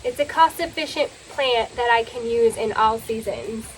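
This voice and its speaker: A woman's voice: fairly high pitch, normal speed, slight background noise, poor audio. A woman chatting enthusiastically as she vlogs about her plants and porch decorations outdoors, talking straight to her viewers. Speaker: home and garden vlogger. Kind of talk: casual vlog narration. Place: outdoors on a home deck and porch.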